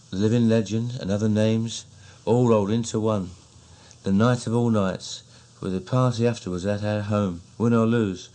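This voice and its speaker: A man with a Cockney accent, slowly and fondly recounting old memories in a recorded diary. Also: lowish voice, darkish tone. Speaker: narrator.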